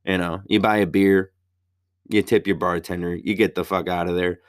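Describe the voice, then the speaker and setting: A man's voice: low voice, steady tone, normal speed, clear, resonant tone, dry recording, clean studio sound. A young man, a stand-up comic, telling a profane story in casual chat. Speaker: stand-up comedian.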